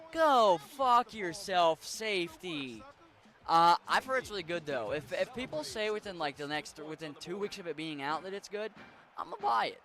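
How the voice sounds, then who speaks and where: Bright-voiced Western Maryland man streaming. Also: high-pitched. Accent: Western Maryland, Appalachian mix. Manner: rambling, swears casually, talks to chat. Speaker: game streamer. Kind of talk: casual chat while gaming.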